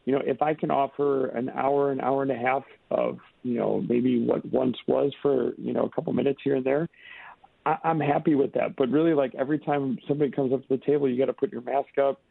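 A man, a chef and restaurant co-owner, speaking as a radio guest in a halting way with many fillers and restarts, heard over a phone line. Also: mid-range voice, steady tone, vocal fry, dry recording.

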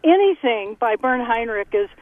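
A woman's voice: on the high side, sing-song, normal speed. A woman calling in to a radio show, earnestly and enthusiastically recommending something, heard over a phone line. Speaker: caller. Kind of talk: radio call-in.

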